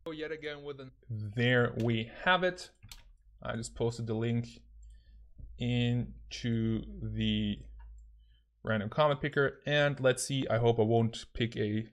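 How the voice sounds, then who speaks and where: A man's voice: mid-range voice, fairly even intonation, slow pace. A man hosting his own cryptocurrency channel, talking loosely to camera with fillers and restarts. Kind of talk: casual talk to camera.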